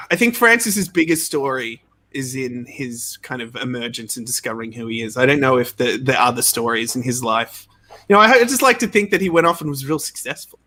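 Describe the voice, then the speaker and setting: A man, a game creator being interviewed, telling stories in a casual, animated way, laughing often and saying "like" a lot. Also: medium pitch. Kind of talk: casual storytelling.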